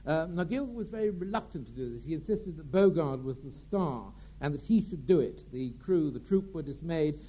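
A man telling theatrical anecdotes in a chatty, halting way, full of fillers. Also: a little high, lively intonation, warm tone, slightly rough, lo-fi sound. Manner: chatty, hesitant with many fillers. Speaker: raconteur.

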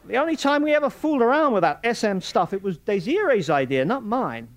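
A man voicing a flustered middle-aged male academic who protests loudly in a raised, agitated voice. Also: very animated, fairly quick. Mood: frantic. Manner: high, loud, agitated protesting.

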